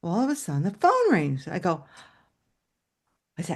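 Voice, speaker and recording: A woman's voice: lowish voice, moderate pace, husky. A woman telling a story to an audience over a video call, acting out the scenes as she goes. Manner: animated, acts out scenes with shouted quotes.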